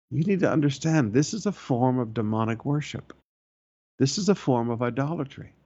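A man's voice: fairly high pitch, a little mellow, highs cut off. A pastor preaching a sermon, reading scripture and pressing his points with emphatic, repeated phrases.

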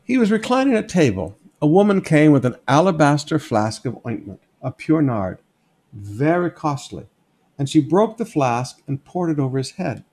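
A man's voice: a little high, sing-song, normal speed, a little mellow, slightly rough. A man teaching a Bible passage verse by verse in a conversational, emphatic sermon style, often stopping to point things out to listeners. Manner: conversational, emphatic, asks "notice" and "okay?"; sketches on a board while teaching. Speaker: pastor.

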